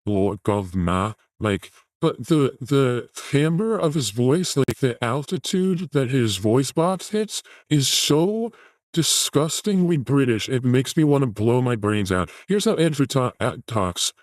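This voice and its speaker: A man hosting a comedy show, reacting to news and clips with deadpan, profane sarcasm. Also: medium pitch, a little slow, no room sound, low-quality recording. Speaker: show host.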